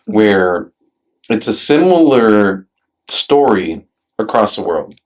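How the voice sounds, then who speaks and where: A man's voice: fairly low pitch, big pitch swings, takes it slowly. A man hosting a casual chat, asking curious questions and rambling through his thoughts.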